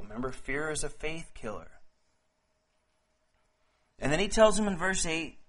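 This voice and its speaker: A man preaching a casual, conversational sermon, often repeating words as he goes and reading scripture slowly and deliberately. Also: fairly high pitch, very animated, a bit bright.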